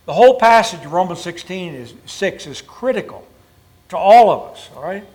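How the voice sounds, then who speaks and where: A man preaching in a church, his voice sitting high for a man. He drives his points home with emphasis and keeps turning to his listeners to make sure they follow. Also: very animated, moderate pace, darkish tone. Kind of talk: sermon.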